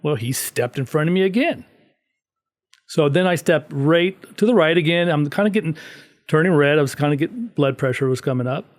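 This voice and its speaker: Brief: middle-aged male guest, animated storyteller, slightly high voice. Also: a little fast. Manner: animated storyteller, acts out quotes. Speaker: podcast guest. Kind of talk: casual storytelling.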